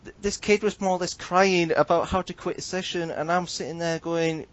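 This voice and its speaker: A man's voice: a little high, fairly even intonation, moderate pace, hardly any pauses, dull audio. A man, hosting a casual podcast and telling a story animatedly, swearing and mimicking others. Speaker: podcast host.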